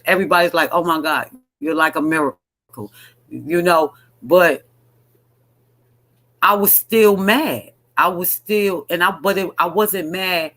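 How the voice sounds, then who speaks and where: A man's voice: sits high, sharp tone, low-quality recording. A man talking candidly and earnestly in a casual online talk show, often restarting his sentences.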